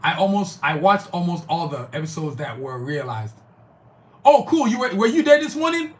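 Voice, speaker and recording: A man's voice: sits high, big pitch swings, normal speed. A man hosting a podcast, giving a heated, profane political rant while answering live chat. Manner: profane, fired-up, emphatic.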